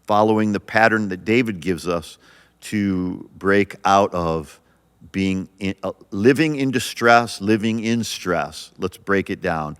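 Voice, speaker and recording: Pastor guy giving an encouraging talk, kinda low voice, restarts a lot, echoey hall. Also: takes it slowly, a bit bright, clear, resonant tone. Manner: earnest, encouraging, with frequent restarts. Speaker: pastor and podcast host. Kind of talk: podcast sermon.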